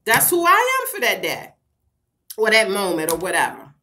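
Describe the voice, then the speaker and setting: There's slight background noise as a middle-aged woman vlogs, chatting casually to camera in a medium-pitched, sing-song voice that's bright and forceful at a normal speed. Frank and laughing, she swears a lot and talks straight to her viewers, calling them "girl."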